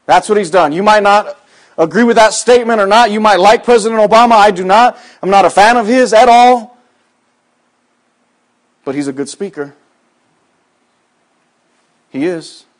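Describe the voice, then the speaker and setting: A man preaching a sermon in a folksy, conversational way, dropping soft and low, then rising to loud, high exhortation.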